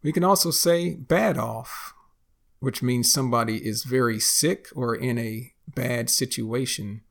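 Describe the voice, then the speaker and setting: A man teaching slang in a slow, careful, scripted podcast lesson with examples. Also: mid-range voice, gravelly, a bit bright.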